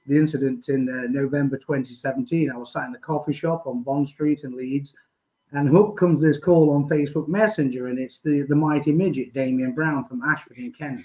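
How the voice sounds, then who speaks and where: A man's voice: medium pitch, fairly even intonation, brisk, dull audio. A man with a Midlands English accent, a guest in a live chat, rambling through anecdotes.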